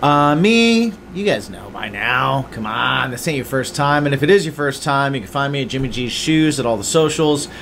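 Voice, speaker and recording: A man co-hosts a casual podcast, chatting loosely, stringing thoughts together with plenty of likes and ums. His voice sits at an ordinary middle pitch, and a faint hum runs behind it. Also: lively intonation, moderate pace, few pauses, a bit bright. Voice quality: loose, chatty, lots of fillers. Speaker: podcast co-host.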